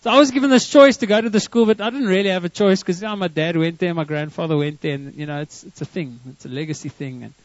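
Man, South African accent, middle-aged, high voice, chatty storytelling sermon, dull dry recording. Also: fast talker, few pauses, no echo. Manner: storytelling, conversational, with frequent restarts and chuckles. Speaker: pastor.

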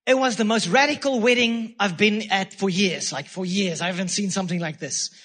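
A man's voice: high-pitched, fairly quick, fairly bright tone. A man preaching a sermon as pastor, fervent and repetitive, calling out praise between points. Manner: fervent preaching with repeated phrases and exclamations.

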